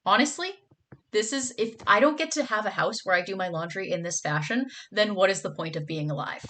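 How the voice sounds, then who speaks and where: A woman's voice: medium pitch, brisk, fairly bright tone, slight background noise. A young woman streaming, chatting casually with her viewers and reading their comments aloud, gushing and bubbly, with lots of "like" and "oh my god".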